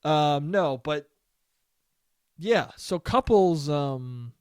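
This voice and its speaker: Young male podcast host, high-pitched, dry close sound, swears and rambles. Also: animated, extremely slow, darkish tone, clear, resonant tone, no room sound. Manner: profane, rambling, laughs often. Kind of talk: casual solo monologue.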